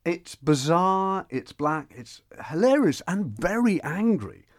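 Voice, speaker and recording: Man, radio film guest, enthusiastic, expressive pitch, dead-dry studio mic. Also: slow pace, no room sound. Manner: enthusiastic, animated, with frequent restarts. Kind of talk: radio chat.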